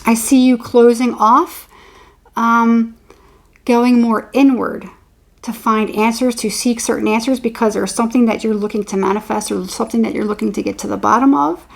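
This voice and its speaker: Female psychic reader, slightly high voice with vocal fry, loose and repetitive delivery. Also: steady tone, normal speed. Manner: rambling, repeats words while channeling. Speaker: tarot reader. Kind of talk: intuitive horoscope reading.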